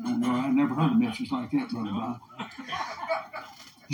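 A man's voice: mid-range voice, steady tone, fairly quick, pauses often, slight background noise. A man preaching a revival sermon in a church, impassioned, with a rising and falling preaching cadence. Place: church meeting room. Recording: echoey room.

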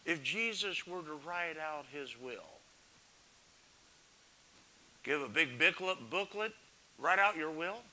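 High, bright-voiced dramatic preacher man. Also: expressive, takes it slowly, long pauses. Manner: dramatic, swings from loud calls to hushed near-whispers; asks the congregation questions. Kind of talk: sermon.

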